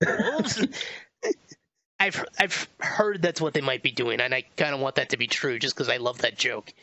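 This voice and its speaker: Here a male podcast co-host talks loosely about a movie, wandering off topic, tripping on names and laughing often. He speaks in a mid-range, pushed, bright voice with lively intonation and a brisk pace, on dry but dull-sounding audio.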